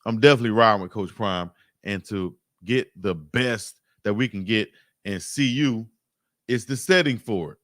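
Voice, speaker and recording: A man's voice: lowish voice, normal speed, fairly bright tone, no echo, clean studio sound. A man in his forties hosting a live sports stream, talking casually and emphatically in slangy commentary that keeps repeating itself.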